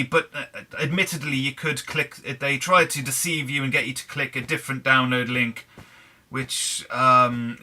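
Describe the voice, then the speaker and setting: A man's voice: mid-range voice, steady tone, a little slow, sharp tone. An English man giving casual, wry, self-deprecating commentary as he plays Minecraft. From England. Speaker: gaming channel host.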